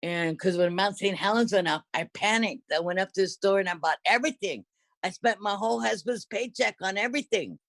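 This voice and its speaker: A woman's voice: medium pitch, fairly quick, gravelly, no room sound. An older woman casually reminiscing in conversation, rambling and often correcting herself mid-sentence. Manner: rambling, self-correcting storyteller.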